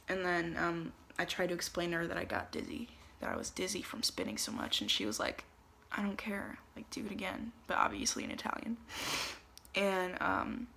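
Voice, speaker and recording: A young woman vlogging on a trip, telling stories in a chatty, animated way with lots of fillers. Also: fairly low pitch, creaky. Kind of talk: casual storytelling to camera. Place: travel spots in Italy, some clips outdoors.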